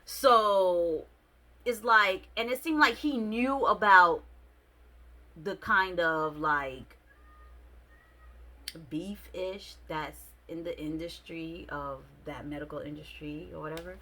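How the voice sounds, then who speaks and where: Bright-voiced young woman telling a story. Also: lowish voice, takes it slowly. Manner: expressive, slangy, lots of "like". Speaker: vlogger. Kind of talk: casual storytime vlog.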